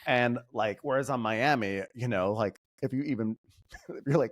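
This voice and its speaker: A man guesting on a podcast, chatting casually and slipping into quick mocking impressions, laughing often. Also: mid-range voice. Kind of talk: casual chat.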